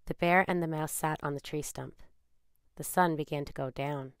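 A woman calmly narrating a children's picture book read aloud. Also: sits low, smooth, dry recording, studio quality. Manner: calm, measured. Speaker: storyteller.

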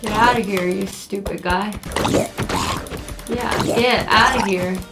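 A young woman giving casual, excitable commentary while playing a video game for the first time, yelping at enemies. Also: mid-range voice, slow pace, over loud music. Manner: excitable, yelps and scolds at enemies. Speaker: gaming creator. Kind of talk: casual let's play commentary.

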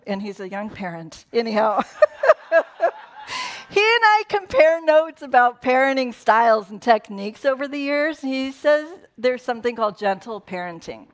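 A middle-aged woman pastor giving a sermon in a conversational, playful way, with asides and laughter. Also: on the high side.

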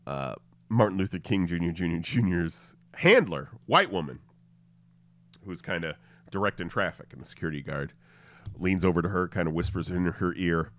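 A man's voice: sits low, lively intonation, moderate pace, no room sound. A man hosting a podcast, casually telling a story with swearing and laughter at his own tale. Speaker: podcast host.

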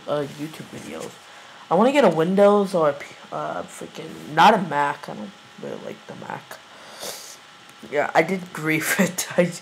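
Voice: medium pitch, creaky, slight background noise, rough recording. A young gamer giving casual, rambling gameplay commentary, giggling and hesitating often. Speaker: let's play gamer.

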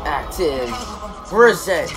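A man's voice: on the high side, lively intonation, slow pace, over music. A young man hosting a casual reaction video from his apartment. He rambles, repeats himself and corrects himself mid-sentence. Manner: rambling, repetitive, self-correcting. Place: apartment room. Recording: noisy home recording.

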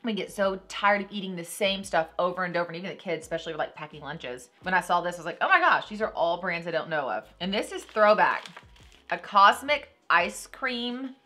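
A woman's voice: lowish voice, expressive, brisk, bright, forceful tone, faint music behind. A woman hosting a casual snack unboxing, chatty and upbeat, reading labels aloud as she tastes. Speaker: vlogger host.

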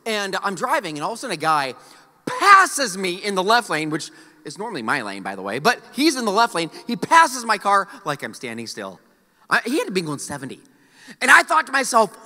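A male pastor preaching a sermon, telling a story against himself in a lively, joking way. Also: sits high, a little fast, in a large hall. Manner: animated, self-deprecating storytelling. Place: church auditorium.

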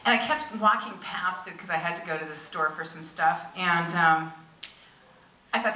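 A woman pastor preaches a story-driven sermon, animated and then hushed for emphasis. Her voice is bright and forceful, slightly low. It carries from a distance through an echoey church hall with faint room noise. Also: normal speed. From United States. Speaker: visiting pastor, missionary.

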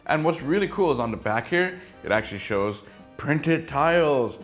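A man's voice: a little high, animated, moderate pace, soft background music. A man hosting a casual toy review, chatty and joking as he goes over each piece.

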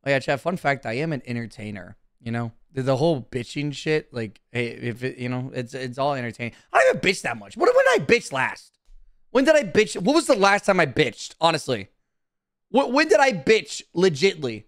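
A man's voice: medium pitch, wildly swooping pitch, brisk, fairly bright tone, dry recording, studio quality. A young man streaming casually, talking to his chat in a brash, profane, defensive way.

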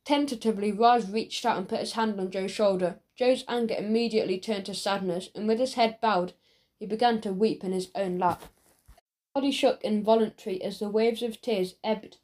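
A woman narrating a children's audiobook with clear, expressive reading. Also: mid-range voice, normal speed. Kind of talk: storybook narration.

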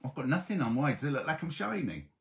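Man, fairly high voice, chatty live-stream host greeting viewers by name. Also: big pitch swings, fast. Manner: chatty, reading out viewer messages, warm greetings with "my love". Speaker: host of a live online coffee morning.

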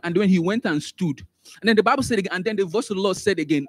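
A man teaching a Sunday school class. He repeats words, restarts phrases and swings up sharply in pitch and loudness when he stresses a point. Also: fast, no echo, faint music behind. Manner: animated, rises sharply in pitch and volume for emphasis, trails off in asides. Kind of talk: church Bible teaching.

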